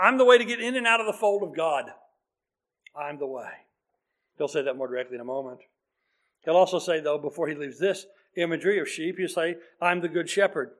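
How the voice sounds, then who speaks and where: A man with a high, fairly bright voice preaches a sermon in an earnest, conversational manner. He reads scripture aloud as he goes.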